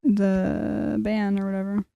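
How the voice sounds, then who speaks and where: A woman co-hosting a casual podcast chat, with short wry quips and deadpan asides. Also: medium pitch, slow pace, creaky, smooth, no room sound, lo-fi sound. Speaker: podcast co-host.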